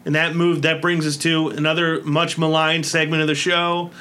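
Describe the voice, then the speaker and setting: Bright-sounding guy chatting on a podcast, laughs a lot, slightly high voice. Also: little pitch movement, normal speed, clean tone. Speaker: podcast co-host. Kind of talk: casual chat.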